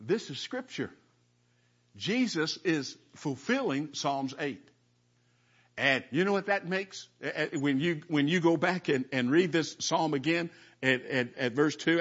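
A man delivering a sermon in an earnest, stop-and-start way, often doubling his words as he reads verses aloud. His voice sits a little high for a man. The recording sounds dull and lo-fi. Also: animated, a bit bright, slightly rough. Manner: earnest, halting, repeats words while reading scripture aloud. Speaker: pastor.

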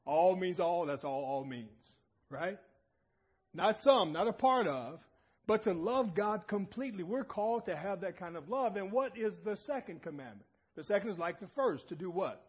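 A man's voice: high voice, animated, moderate pace, slightly rough, lo-fi sound. A man preaching a sermon, emphatic and calling out questions to the congregation in a church assembly.

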